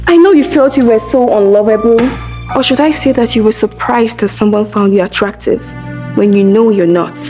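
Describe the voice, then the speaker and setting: A woman's voice: a little high, moderate pace, warm tone, reverberant, soft background music, lightly acted. An actress with a Nigerian accent playing a scornful young princess who hurls insults at her twin sister. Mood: contemptuous. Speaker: lead actress. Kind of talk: film drama acting.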